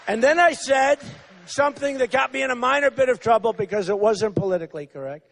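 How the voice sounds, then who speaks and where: A man's voice: very high voice, fast, creaky, a bit bright, a little hiss or hum. A man in his sixties giving a rambling, repetitive campaign rally speech, acting out quotes of others in a mocking tone. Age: 60s. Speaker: political candidate.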